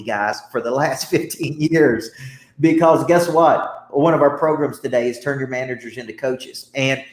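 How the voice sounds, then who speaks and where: A man's voice: medium pitch, roomy sound. A man, a business coach and guest, telling a story with emphatic energy, often repeating himself and checking in with "right?".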